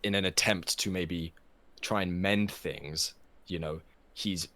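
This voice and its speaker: A man's voice: low-pitched, fairly even intonation, slow pace, bright, forceful tone. A man co-hosting a casual game podcast, thinking aloud and often repeating words before he finishes a thought. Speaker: podcast co-host.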